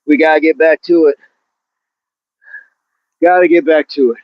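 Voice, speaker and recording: A fairly high-voiced man, winded from exercise, hosting a live workout outdoors and calling out to chat viewers between reps. The sound is dull, lo-fi phone audio from a handset propped against a tree. He keeps his talk casual and encouraging. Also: fairly even intonation, moderate pace, no room sound. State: out of breath. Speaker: fitness livestream host. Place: outdoors at the bottom of a hill under a tree.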